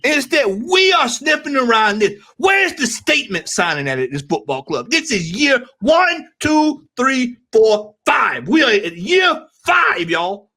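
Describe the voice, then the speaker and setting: A man with a Southern US accent on a football fan panel, ranting heatedly and repeating himself, now and then breaking into shouts. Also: extremely high pitch, big pitch swings, a little slow, hardly any pauses. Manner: ranting, repetitive, rising to shouts.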